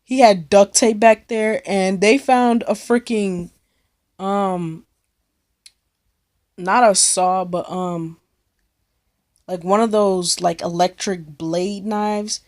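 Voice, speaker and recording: A woman's voice: medium pitch, fairly even intonation, slow pace, pauses often, a little mellow. A young woman from Cleveland telling a rambling, slang-filled story in a casual vlog, swearing freely. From Cleveland, United States. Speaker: vlogger.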